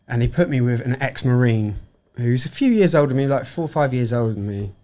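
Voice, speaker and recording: A man's voice: mid-range voice, expressive, fast talker, dark tone. A young adult man from England, casually telling a story and acting out the dialogue in it. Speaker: guest tradesman. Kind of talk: casual storytelling in a podcast chat.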